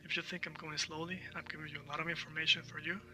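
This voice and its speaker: A man's voice: a little high, level tone, quick pace, sharp tone, recorded from a distance. A man who speaks Spanish natively, teaching a recorded language lesson, spelling words letter by letter and encouraging learners.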